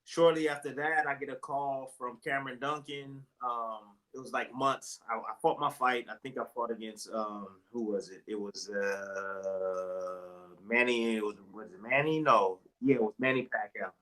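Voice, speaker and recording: A man in an interview, retelling boxing stories in a casual, animated way and acting out what others said. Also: mid-range voice, normal speed, poor audio. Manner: animated, acts out quotes with voice jumps. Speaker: interview guest, retired boxer.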